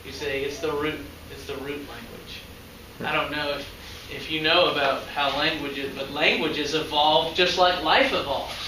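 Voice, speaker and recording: This high school biology teacher has a fairly high voice with fairly even intonation, and he takes his time. He lectures in a relaxed, conversational style, frequently asking the class questions. He's recorded from a distance in an echoey classroom, with faint noise present.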